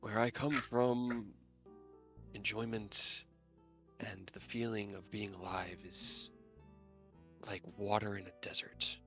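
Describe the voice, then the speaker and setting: Man voicing an ancient shadow elf, worldly, deadpan monotone, average register. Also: medium pitch, takes it slowly, faint music behind. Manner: flat, emotionless delivery. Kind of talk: role-playing in a tabletop game.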